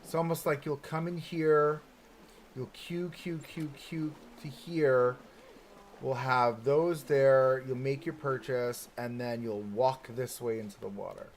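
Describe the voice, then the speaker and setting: This man speaks slowly in a mid-range voice with fairly even intonation, chatting through his theme park build during a live stream. He thinks out loud, scattering "like" everywhere and tossing in rhetorical "right?"s. A faint hiss or hum runs beneath.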